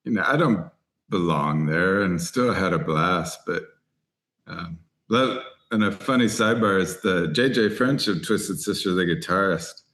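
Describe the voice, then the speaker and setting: Lively storytelling man, low voice. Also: measured pace. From Texas. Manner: animated anecdotes, voices other people in quotes. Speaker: podcast guest, writer and angler. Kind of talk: storytelling interview chat.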